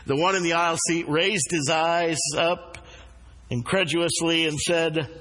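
A man preaching a sermon as a pastor in a church, earnest and deliberate, slowing down to stress key words. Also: on the high side, steady tone, pushed and bright. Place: church sanctuary. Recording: long hall reverb.

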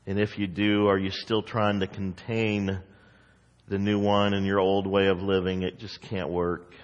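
A male pastor preaching a sermon with expressive delivery, rising to loud emphasis and dropping to slow, quiet asides. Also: low-pitched, muffled recording. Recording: long hall reverb.

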